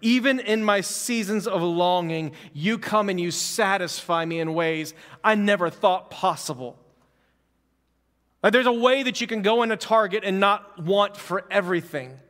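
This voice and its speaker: A man delivering a sermon in a casual, conversational way, building fervor through repeated phrases. His voice sits high for a man. The sound carries a long reverb, like a large church sanctuary. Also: normal speed, a bit bright. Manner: conversational, fervent preaching with repetition. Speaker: pastor.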